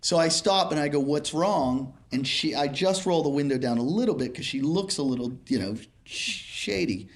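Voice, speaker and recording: A comedian in casual chat, telling a rambling story. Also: male voice, fairly high pitch, expressive, a little fast, hardly any pauses.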